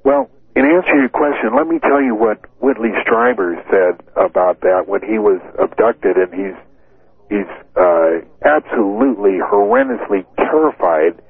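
A man answering questions as a guest on a call-in radio show, telling stories with gravelly animation. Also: mid-range voice, moderate pace, no echo. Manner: storytelling, animated. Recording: tinny phone line.

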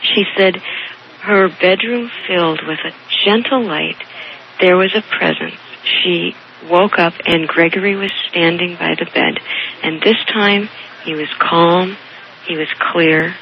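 A county coroner earnestly retelling a case in an interview, measured and careful, with small restarts. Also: medium pitch, steady tone, highs cut off, slight background noise. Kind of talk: storytelling in an interview.

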